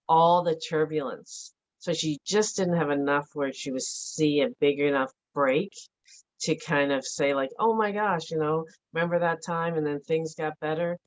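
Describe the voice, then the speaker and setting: A middle-aged woman giving a halting, emotional personal account as an interview guest, with many fillers and restarts. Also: low-pitched, highs cut off. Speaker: interview guest, bereaved mother.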